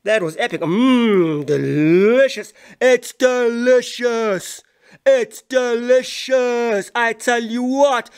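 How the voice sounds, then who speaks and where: A man's voice: high voice, sing-song, unhurried. A man voicing a tipsy, cheerful male festival reveller, drawn out and sing-song. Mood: boozy.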